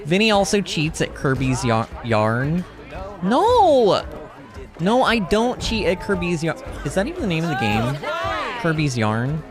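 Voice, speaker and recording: A man hosting a gaming livestream, chatting in a rambling, animated way, reading chat and laughing often. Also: on the high side, normal speed. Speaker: livestream host. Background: game music.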